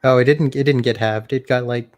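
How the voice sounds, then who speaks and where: A man's voice: medium pitch, steady tone, fairly quick. A man from Mexico co-hosting a podcast, teasing his co-host in a dry, laid-back way. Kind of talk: casual chat.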